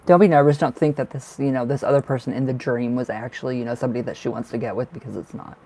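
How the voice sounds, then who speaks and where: A man's voice: mid-range voice, steady tone, fast, darkish tone, slight background noise. A man giving live tarot readings on a stream, chatty and reassuring, full of fillers and emotion. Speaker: tarot reader.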